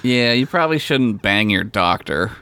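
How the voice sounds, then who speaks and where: A man co-hosting a podcast, laughing often and trading quick banter. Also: on the low side, animated, bright, forceful tone, clean tone. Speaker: podcast co-host. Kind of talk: casual comedic chat.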